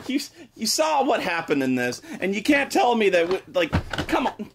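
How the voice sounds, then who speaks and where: A man's voice: sits high, sing-song, normal speed, creaky, noisy background. A young man reviewing a game in a sarcastic, exasperated rant full of swearing. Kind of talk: ranting comedic review.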